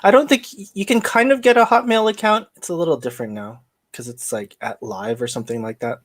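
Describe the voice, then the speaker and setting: A woman's voice: low-pitched, steady tone, fast talker. A woman co-hosting a podcast in casual chat, laughing often, retelling stories with quoted dialogue, and reading out listener comments.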